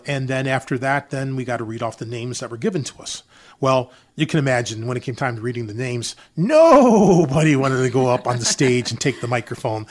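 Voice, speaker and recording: Older male guest, charity organizer; emotional storyteller, mid-pitched, filler-heavy. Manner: addresses listeners as folks, frequent uh fillers.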